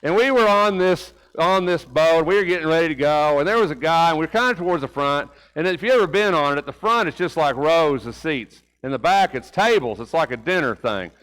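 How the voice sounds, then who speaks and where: Folksy high-voiced male preacher. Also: lively intonation, a little fast, hardly any pauses, a bit bright, clear, resonant tone, poor audio. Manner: folksy, rhetorical questions, repeats words while talking. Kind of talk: conversational sermon with personal story. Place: church sanctuary.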